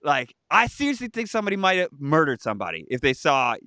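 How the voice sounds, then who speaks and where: A man's voice: fairly high pitch, fast talker, no room sound, clean studio sound. A man co-hosting a live stream, chatting casually and joking with a co-host while reading viewer comments. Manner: animated, jokey, mimics voices.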